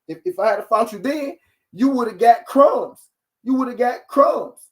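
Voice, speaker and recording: Guy doing a whiny boxer voice, high and taunting, real mocking. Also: lively intonation, a little slow. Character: mocking take on a boastful male boxer calling out a rival.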